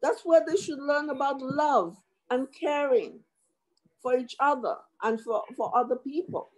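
A woman's voice: high-pitched, a little slow, rough recording. A woman commissioner speaking at a formal hearing over a video call, impassioned and emotional, with many restarts.

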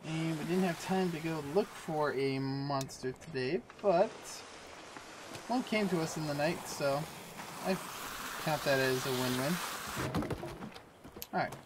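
A man giving casual let's-play commentary, quietly muttering to himself as he builds and crafts. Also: on the high side, measured pace, long pauses, background noise. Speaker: gameplay commentator.

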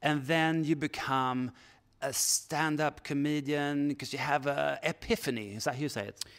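A man hosting a comic celebrity interview, deadpan and playful in manner and jumping from one odd question to the next. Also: a little high, normal speed. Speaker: comic celebrity reporter host. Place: indoors on a sofa.

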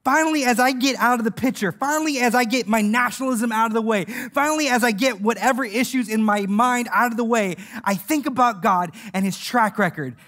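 Guy preaching a sermon, lively and jokey, keeps laughing and doing little voices for people in the story. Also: very high-pitched, brisk, hardly any pauses. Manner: animated and joking, laughing as he tells the stories; acts out quoted voices.

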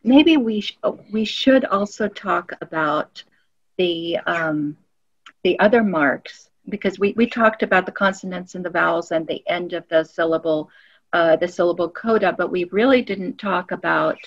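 Woman host, analytical, curious, lowish voice, muffled lo-fi call sound. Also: moderate pace. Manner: curious, analytical, uses linguistics terms. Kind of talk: interview chat.

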